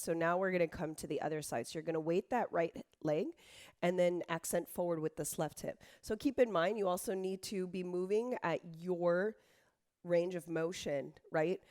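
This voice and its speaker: A hoarse, slightly low-voiced woman in her thirties leads a dance lesson, counting the beats aloud and calling out each move as she dances. Sick and worn out, she explains the technique in a relaxed, encouraging way between the counts. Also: moderate pace. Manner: counts beats and calls out moves while dancing. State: hoarse from illness, tired. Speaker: dance instructor.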